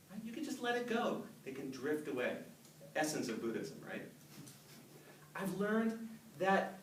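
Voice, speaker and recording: Animated man giving a club speech. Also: fairly high pitch. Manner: animated, storytelling, laughs with the audience. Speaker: Toastmasters speaker. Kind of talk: public speech. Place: meeting room with a live audience. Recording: echoey room, mic from far off, faint noise.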